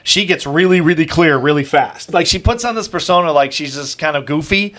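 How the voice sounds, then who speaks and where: A man's voice: fairly high pitch, a little fast, fairly bright tone. A man in his fifties co-hosting a podcast, telling a story in a casual, rambling way, full of restarts and "you know". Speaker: podcast co-host.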